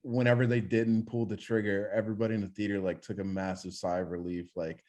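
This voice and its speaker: A young man co-hosting a podcast, telling animated stories in casual chat and swearing freely. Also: lowish voice, fast. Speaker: podcast co-host.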